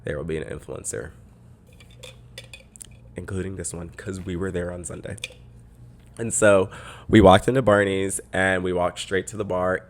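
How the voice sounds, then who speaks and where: A man with a deep voice tells a story on his podcast, chatty and peppered with "like." He sits close to the microphone and talks casually. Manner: chatty, lots of "like" fillers. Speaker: podcast host.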